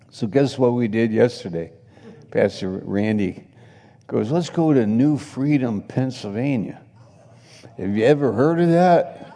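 A man's voice: on the low side, vocal fry, mellow, big-room sound. A man preaching a sermon, telling chatty stories with laughs and acted-out quotes. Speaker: pastor. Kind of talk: sermon storytelling.

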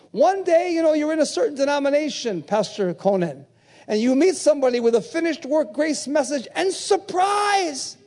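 A male pastor preaching a sermon at a church convention, shouting refrains and throwing call-and-response questions at the congregation. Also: very high-pitched.

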